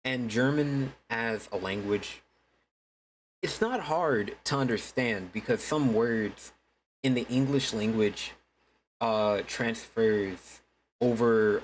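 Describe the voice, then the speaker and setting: A man's voice: lowish voice, a little hiss or hum, rough recording. A man chatting casually to his viewers during a game stream, laid-back and swearing freely. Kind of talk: casual gaming stream chat.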